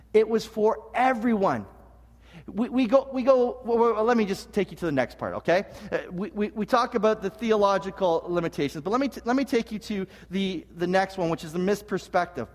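A man preaching a sermon as pastor, earnest and animated, with humorous asides and frequent restarts. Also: high-pitched, moderate pace. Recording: long reverb of a large hall.

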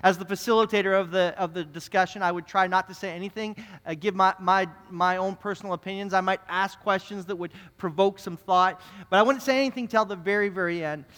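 A young man preaches from a church stage, telling a story in his sermon. His voice sits high and sounds bright and forceful, earnest and animated, often doubling back on his words. The sound carries a long reverb from the church hall. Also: fairly quick, few pauses. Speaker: pastor. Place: church sanctuary.

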